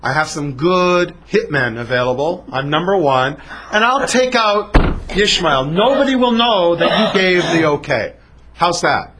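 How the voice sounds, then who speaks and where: A man's voice: a little high, expressive, unhurried, noisy background. A man playing a scheming, conspiratorial general. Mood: coaxing. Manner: urgent, then sly and coaxing.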